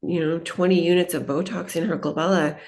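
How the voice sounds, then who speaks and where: A woman's voice: on the low side, fairly even intonation, a little fast, a little mellow. A woman, an aesthetic nurse, speaking as a podcast guest and telling reflective, heartfelt stories about her patients. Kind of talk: podcast interview.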